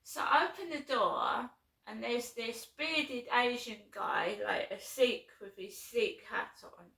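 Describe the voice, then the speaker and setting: This casual storytelling comes from a woman vlogging a long, rambling, aggrieved tale and constantly checking in with "right?". Her fairly high voice is gravelly with a sharp tone, she takes it slowly, and the room echoes.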